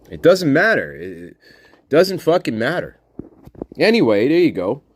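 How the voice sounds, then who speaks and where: A man's voice: on the high side, dry recording, clean studio sound. A man giving angry, profane commentary on a case, mocking others with sarcasm and repeating himself for emphasis. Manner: sarcastic, mocks others in put-on voices. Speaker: true-crime commentator.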